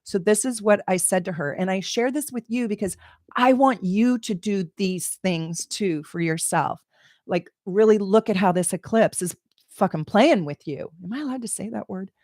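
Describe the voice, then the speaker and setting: A middle-aged woman, an astrologer, telling a personal story in an animated, emotional way, laughing and exclaiming. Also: mid-range voice, normal speed, dry recording, clean studio sound. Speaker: astrologer and channel host. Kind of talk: casual personal storytelling to camera.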